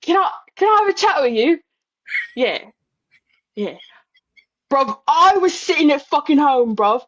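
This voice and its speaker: A fed-up English man with a thick London accent, as a woman puts him on, scolding and pleading with a friend in profane slang. The voice sits high and climbs higher when outraged. The audio is dull and lo-fi. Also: sing-song, unhurried, long pauses, fairly bright tone, heavily acted. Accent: London English, put on. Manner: exasperated, pleading.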